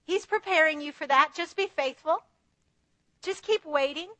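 Woman preacher, high bright voice, dry close sound, earnest and chatty. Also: moderate pace, dry recording. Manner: earnest, conversational, acts out prayers to God. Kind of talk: sermon.

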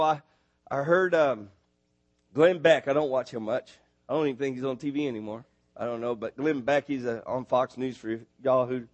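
A man preaching a sermon, animated and building to emphatic near shouts on his points. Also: medium pitch. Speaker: missionary preacher. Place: church.

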